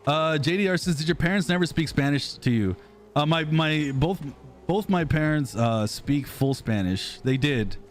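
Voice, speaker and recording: With an animated voice on the high side, an American-accented man in his thirties from the United States talks at normal speed while casually reading viewer comments on his live stream. He's rambling and self-deprecating, and slight background noise can be heard.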